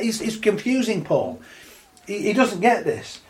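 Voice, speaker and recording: A man preaching a sermon, reading scripture slowly and then building into impassioned, rising exhortation. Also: sits high, sing-song. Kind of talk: sermon, Bible teaching.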